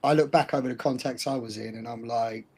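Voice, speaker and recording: A man's voice: medium pitch, steady tone, quick pace, darkish tone, husky. A middle-aged man, co-hosting a casual podcast and telling stories bluntly, with frequent laughs. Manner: laughing, blunt storyteller with mild swearing. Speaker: podcast co-host.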